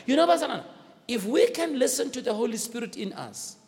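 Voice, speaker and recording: A man preaches with a high, swooping voice that rises and falls widely as he exhorts his congregation and calls for their replies. His sermon carries the long echo of a church hall. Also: sing-song, a little fast, creaky, darkish tone. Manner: exhorting, call-and-response with the congregation.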